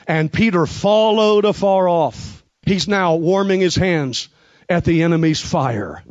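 A man preaching an impassioned revival sermon, with rhythmic repetition and bursts of shouting. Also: high voice, lo-fi sound.

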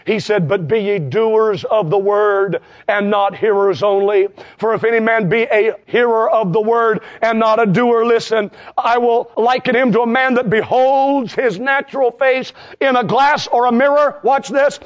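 A male preacher delivering a sermon, quoting scripture and swinging between shouted peaks and low, hushed asides. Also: fairly even intonation, moderate pace. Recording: dull lo-fi sound.

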